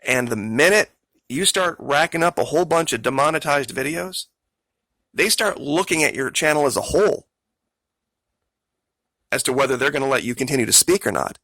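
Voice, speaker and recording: Guy ranting politics on his channel, gravelly voice, kinda sharp, talks right at the viewers. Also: a little high, lively intonation, moderate pace, pauses often, no echo, low-quality recording. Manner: emphatic, argumentative, addresses viewers directly. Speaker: political commentary channel host. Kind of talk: casual political commentary monologue.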